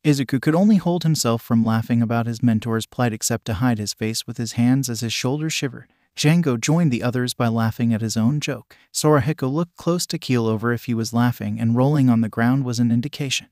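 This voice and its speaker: A man narrating a fan fiction story in a flat, steady, synthetic-sounding reading. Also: medium pitch, a little fast, few pauses, dry recording, clean studio sound.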